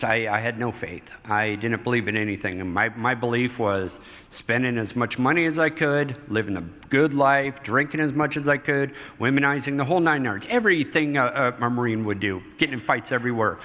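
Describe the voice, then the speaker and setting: Bright-voiced middle-aged man telling stories. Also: medium pitch, moderate pace. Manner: animated, laughing storyteller. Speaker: interview guest. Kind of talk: storytelling interview. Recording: hall reverb.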